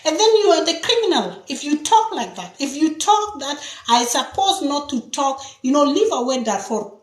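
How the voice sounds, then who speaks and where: A woman's voice: sits high, very animated, normal speed. Impassioned woman activist. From South Sudan. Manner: emphatic, rhetorical questions, frequent restarts. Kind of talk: impassioned political talk. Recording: roomy echo.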